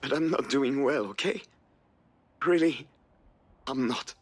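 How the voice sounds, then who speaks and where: A man voicing a sad, worn-down man in a video game, talking softly and wistfully. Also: medium pitch, slow pace, close to an everyday voice. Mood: pleading.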